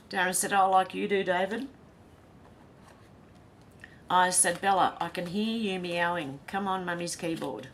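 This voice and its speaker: A woman with an Australian accent chats casually through a livestream, reading out viewer comments. Her voice sits on the low side and she laughs easily. A faint hum and rumble run under the recording. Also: fairly even intonation, unhurried. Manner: chatty, laughs easily, reads comments aloud. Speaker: livestream host reading chat. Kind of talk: casual chat.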